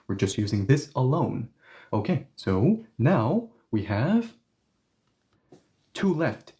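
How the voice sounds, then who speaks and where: A man teaching Korean grammar in a live stream, explaining step by step and checking in often with his viewers. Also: mid-range voice. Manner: lively explainer who checks in with listeners.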